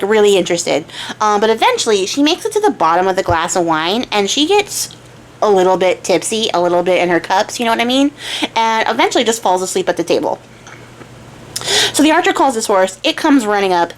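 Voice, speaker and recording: A woman's voice: medium pitch, a little hiss or hum, low-quality recording. Chatty woman retelling a fairy tale. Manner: chatty, jokey, slangy asides to viewers. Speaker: craft channel host, storyteller.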